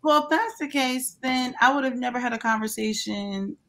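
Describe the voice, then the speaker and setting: A woman hosting a casual opinion chat, telling stories in an animated, exasperated way. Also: high-pitched, normal speed. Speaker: host.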